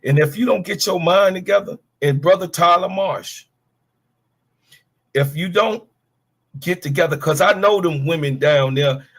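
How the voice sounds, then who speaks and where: A man's voice: high-pitched, a little slow, a bit bright. A middle-aged man from Chicago giving a fiery, profane sports rant to his livestream chat. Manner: fiery, profane, preachy, talks straight to chat.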